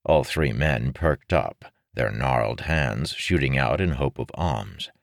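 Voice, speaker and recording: Very deep-voiced male storyteller. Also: vocal fry, dry recording, studio quality. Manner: measured, expressive storytelling. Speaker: audiobook narrator. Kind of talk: scripted fantasy novel narration.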